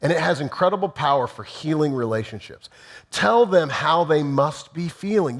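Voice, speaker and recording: A man delivers a sermon in a somewhat high voice, laying out his points one by one. Now and then he slips into quick sample apologies to show what not to say. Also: expressive. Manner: teaching in numbered points, acting out sample apologies. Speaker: pastor.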